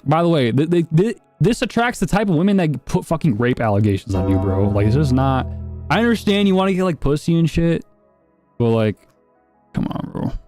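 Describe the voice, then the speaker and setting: A man's voice: fairly high pitch, lively intonation, brisk, darkish tone, no room sound, soft background music. A man streaming live and reacting to videos in blunt, profane, rambling casual commentary.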